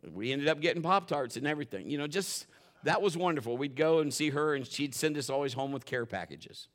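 Emphatic storytelling pastor, raised voice. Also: male voice, fairly high pitch, animated, brisk. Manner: emphatic, swinging from loud exclaims to hushed storytelling. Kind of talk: sermon storytelling.

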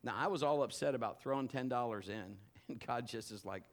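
A middle-aged man preaching a sermon in a church service, telling personal stories with loud bursts and quiet asides. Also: a little fast. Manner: animated storytelling, swinging between loud bursts and low asides. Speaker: pastor.

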